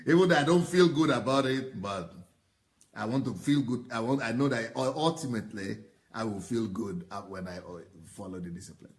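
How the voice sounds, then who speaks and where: Gravelly-voiced man in his fifties, a pastor. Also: medium pitch, fairly quick. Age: 50s. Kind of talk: casual conversational teaching.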